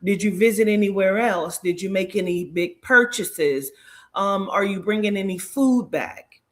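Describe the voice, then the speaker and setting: A woman telling a story in casual chat, animated and profane, acting out the dialogue. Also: medium pitch, unhurried. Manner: animated, profane, acts out dialogue in shifting voices.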